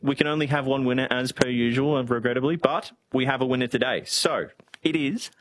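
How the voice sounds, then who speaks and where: A man's voice: medium pitch, steady tone, brisk, rough recording. A man with an Australian accent, co-hosting a casual radio chat, talking in a self-deprecating way and laughing often. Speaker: radio co-host.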